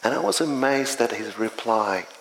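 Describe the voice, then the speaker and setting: A middle-aged man, a community chaplain telling his testimony in an earnest, measured way. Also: mid-range voice, animated, vocal fry, slight background noise. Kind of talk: spoken testimony. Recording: echoey hall with faint ambience.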